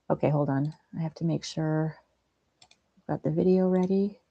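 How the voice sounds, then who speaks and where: A woman hosting a livestream, chatting gently and laughing easily as she reads out viewers' comments. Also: deep voice, fairly even intonation, measured pace, gravelly, no room sound, lo-fi sound. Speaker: livestream host. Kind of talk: casual livestream chat reading viewer comments. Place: at home.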